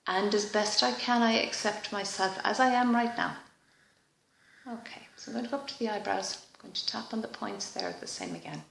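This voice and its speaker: A woman leading a guided EFT tapping session in a slow, soft, reflective manner, pausing for frequent sighs. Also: mid-range voice, gravelly, roomy sound.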